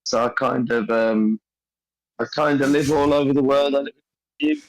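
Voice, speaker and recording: A man co-hosting a podcast, slow and drawling, a bit tipsy. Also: mid-range voice, poor audio. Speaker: podcast co-host. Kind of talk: casual livestream chat.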